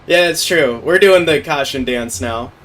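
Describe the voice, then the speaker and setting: A man's voice: on the high side, a little slow, fairly bright tone. A man casually talking through his own sim race, laid-back and full of fillers. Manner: laid-back, filler-heavy, thinking aloud while driving. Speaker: sim racing streamer.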